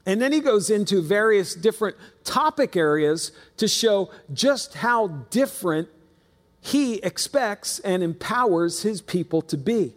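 A man's voice: high-pitched, animated, measured pace. A middle-aged man preaching a sermon as pastor, telling a family story with folksy, wry humor. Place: church auditorium. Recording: long reverb of a large hall.

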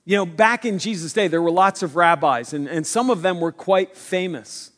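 A man's voice: high-pitched, moderate pace, a bit bright. A man preaching a sermon in an earnest, conversational way that builds to emphatic points.

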